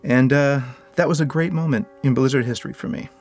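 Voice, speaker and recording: A man tells a story from his work in an interview, lively and joking. His voice sits at an ordinary middle pitch, and faint music plays quietly under him. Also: a little fast. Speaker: game developer. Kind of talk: anecdote in an interview.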